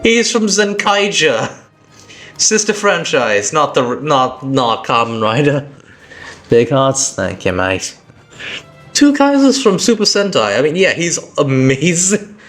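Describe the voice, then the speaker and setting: A man's voice: a little high, very animated, slow pace, fairly bright tone, soft background music. A man with a British accent, a tired streamer chatting casually on a live stream, rambling and correcting himself as he goes.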